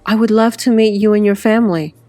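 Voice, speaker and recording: A woman's voice: medium pitch, fairly even intonation, fairly quick, warm tone, no room sound, faint music behind, pitched above the performer's own voice, lightly acted. A woman voicing a polite, well-spoken wealthy woman with a posh accent, read as a storybook character. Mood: gracious.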